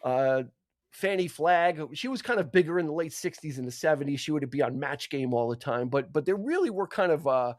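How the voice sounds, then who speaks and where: A man's voice: fairly high pitch, animated, a little fast, no room sound, studio quality. A man co-hosting a podcast, chatting casually about an old film with many restarts and fillers. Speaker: podcast co-host.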